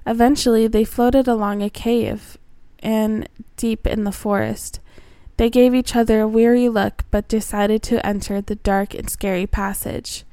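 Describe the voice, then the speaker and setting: Woman, storyteller, gentle earnest reading, smooth voice, dry sound. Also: a little high, fairly even intonation, measured pace, no echo. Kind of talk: reading a homemade children's story aloud.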